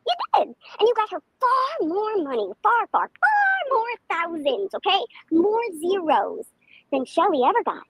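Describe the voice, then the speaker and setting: A woman's voice: very high-pitched, very animated, measured pace, a bit bright, no echo, low-quality recording. A woman, ranting angrily and profanely on a livestream. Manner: profane, heated, confrontational. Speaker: livestream commentator. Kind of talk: angry livestream rant.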